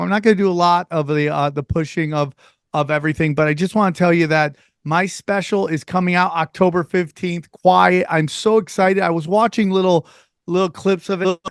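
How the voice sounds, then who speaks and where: A man hosting a podcast in casual, profane, animated chat, riffing and plugging shows. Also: high-pitched, smooth, no room sound, clean studio sound. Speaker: podcast host.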